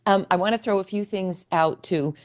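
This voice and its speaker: A woman's voice: mid-range voice, moderate pace. A middle-aged woman hosting a podcast interview, effusive and emotional as she chats with her guest. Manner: warm, effusive, emotional responses. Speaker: podcast host. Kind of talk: casual interview chat.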